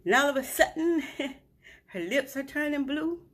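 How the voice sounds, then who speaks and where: Emotional woman recounting, slightly high voice. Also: expressive, measured pace, fairly bright tone. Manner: emotional, repetitive, asks "right?" often. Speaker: host, grieving mother. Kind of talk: live stream storytelling. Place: hotel room.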